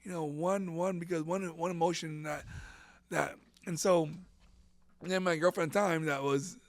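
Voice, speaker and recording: A man in his fifties, an interview guest telling his personal story in an animated way, often repeating words and acting out what others said. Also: a little high, normal speed, no echo. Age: 50s. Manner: animated, acts out quoted voices, repeats words.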